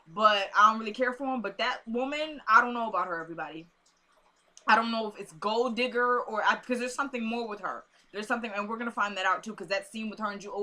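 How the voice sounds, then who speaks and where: A young woman chats her way through a TV episode recap, her voice bright and punchy. She talks like a storyteller, slipping into the characters' lines as she goes. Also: a little high. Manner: chatty storyteller who acts out the characters' lines. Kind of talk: casual recap chat.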